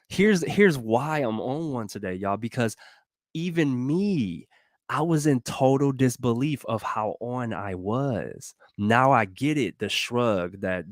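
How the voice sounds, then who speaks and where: Animated motivational man, dry close sound. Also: mid-range voice, dry recording. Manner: animated, repetitive, slangy, laughs often. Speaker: motivational speaker. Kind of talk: energetic motivational monologue.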